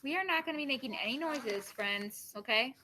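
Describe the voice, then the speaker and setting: A woman teaching a class in a very bright, sharp voice. She explains ideas through everyday examples and keeps checking that the students follow. Her directions to the room are firm. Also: sits high, lively intonation, fairly quick, a little hiss or hum. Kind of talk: classroom lesson.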